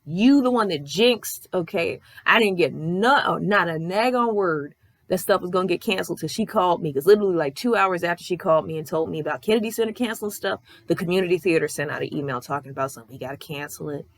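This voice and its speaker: A woman's voice: lowish voice, fast. A young woman vlogger giving a candid, rambling life update, swearing freely and acting out other people's lines. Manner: acts out other people's lines in quoted voices. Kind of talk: casual life-update chat.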